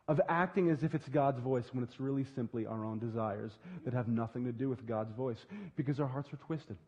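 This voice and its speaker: A man preaching a sermon, telling a story with lively, acted-out dialogue. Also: on the high side. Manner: animated storytelling, acting out dialogue in lively voices. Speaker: pastor. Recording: dull lo-fi sound with long hall reverb.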